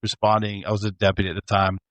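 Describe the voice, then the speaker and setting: Animated man telling a deputy story. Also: on the low side, racing, no echo. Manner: animated, laughs while telling. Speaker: former sheriff's deputy, podcast guest. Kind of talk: casual storytelling chat.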